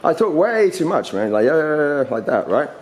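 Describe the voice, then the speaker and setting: A young man getting hoarse, ranting in a confrontational, rambling way, with many restarts and repeated words. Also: on the high side, very animated, normal speed, a little mellow, a little hiss or hum. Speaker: vlogger ranting. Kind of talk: heated off-the-cuff rant. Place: indoor university space.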